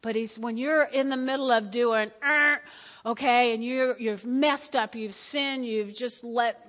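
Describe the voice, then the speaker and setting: A woman pastor preaching a conversational sermon, swinging between loud emphasis and hushed, quiet moments. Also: a little high, steady tone, measured pace, in a large hall.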